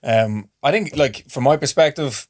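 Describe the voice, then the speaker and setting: Man, former athlete, measured and thoughtful, mid-pitched podcast talk. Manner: measured, thoughtful, uses fillers like "you know". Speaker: former sprinter, podcast co-host. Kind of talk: casual chat.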